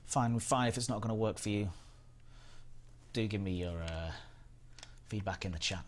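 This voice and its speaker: Animated but moderately paced, this lowish-voiced Englishman with a Northern accent leaves long pauses as he hosts a casual gaming stream. He rambles, chats, and reads viewer comments aloud, with a little hiss or hum in the background.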